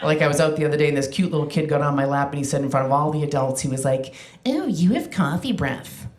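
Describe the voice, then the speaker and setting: A woman from Massachusetts doing a chatty, self-deprecating stand-up set, full of quick asides and restarts. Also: low voice, little pitch movement. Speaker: stand-up comedian. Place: comedy club stage with live audience. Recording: roomy club sound with crowd laughter. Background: audience laughter.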